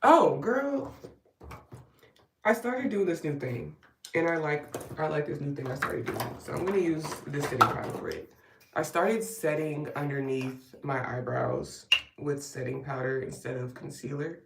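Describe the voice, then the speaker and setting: A woman's voice: deep voice, normal speed, creaky, very noisy. A woman vlogger chatting casually while doing her makeup, rambling with wry asides. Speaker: vlogger doing a live get-ready stream. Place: at home getting ready. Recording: roomy sound from a distance.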